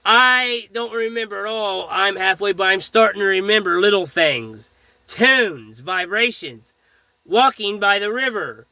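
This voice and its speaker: A man's voice: sits high, expressive, measured pace, sharp tone, no echo. A man earnestly telling a rambling personal story about his faith, with frequent fillers and restarts. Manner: speech full of fillers and restarts. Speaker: storyteller recounting a personal experience. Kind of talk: casual spoken testimony.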